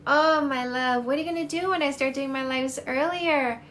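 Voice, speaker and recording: A woman's voice: high-pitched, a bit bright, a little hiss or hum. A middle-aged Canadian woman, a dating coach hosting a live stream on her phone, chatting casually and gushing over viewer comments. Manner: effusive, gushing, quick and chatty.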